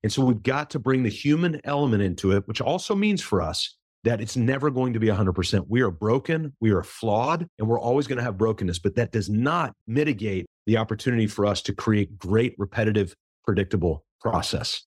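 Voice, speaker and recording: A man's voice: fairly low pitch, lively intonation, brisk, hardly any pauses, breathy edge, no room sound, studio quality. A man guesting on a podcast, earnestly explaining his coaching process and acting out bits of dialogue as he goes. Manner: earnest, emphatic, acts out quoted dialogue. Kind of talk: conversational interview answer.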